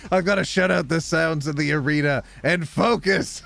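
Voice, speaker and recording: A man's voice: a little high, normal speed, gravelly, fairly bright tone. A man from Canada playing a game on stream, reading its text aloud in a playful, joking way. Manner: playful, joking, laughs often. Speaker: gaming streamer.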